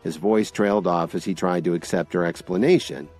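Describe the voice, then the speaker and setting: Brief: male audio-drama narrator, low and lively, soft music bed. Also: normal speed. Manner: expressive storytelling.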